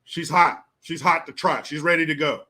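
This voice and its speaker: A man's voice: a little high, normal speed, bright, forceful tone. A man hosting a political commentary show, ranting in a profane, sarcastic way. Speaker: host.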